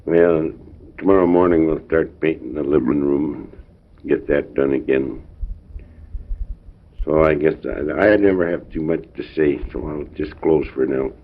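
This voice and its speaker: A man talking plainly at home in short, unhurried remarks, recording a family audio letter. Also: extremely low pitch. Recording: thin, narrow old home tape recording.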